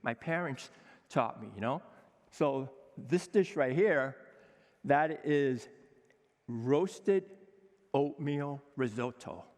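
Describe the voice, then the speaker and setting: Energetic older man in a reverberant hall. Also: mid-range voice, slow, long pauses. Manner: energetic, emphatic, acts out quoted dialogue. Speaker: chef giving a mentoring talk. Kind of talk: conference speech. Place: conference hall with a seated audience.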